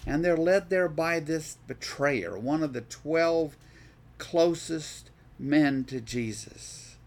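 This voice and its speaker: A man leads a Bible study with a slightly higher-than-usual voice and a slow, unhurried delivery. He reads scripture aloud, then breaks it down conversationally, often repeating words as he thinks and tossing questions to his listeners. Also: animated.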